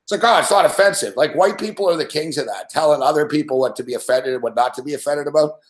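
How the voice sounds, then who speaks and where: A man's voice: fairly high pitch, quick pace, echoey room. A man hosting a sports betting show live, ranting in a casual, profane, rambling way and laughing often. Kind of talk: casual live-stream rant.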